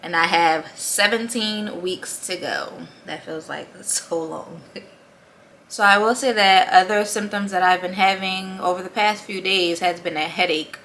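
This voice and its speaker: A woman's voice: fairly low pitch, measured pace, fairly bright tone, slight background noise. Chatty, breathless woman vlogging. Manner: chatty, laughs often between thoughts. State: short of breath, with a headache. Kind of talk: casual pregnancy update vlog.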